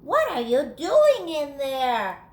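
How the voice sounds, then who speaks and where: A woman's voice: sits high, wildly swooping pitch, takes it slowly, voice pushed up, exaggerated voice. A woman voicing a playful, mischievous young male dog in a storybook read-aloud, talking in a cheeky, eager way. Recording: echoey room.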